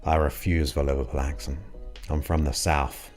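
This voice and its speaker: Soft background music accompanies this English podcast host, whose rumbling low voice is a little mellow and flat in delivery at a normal speed. He chats casually and enthusiastically with viewers during a livestream.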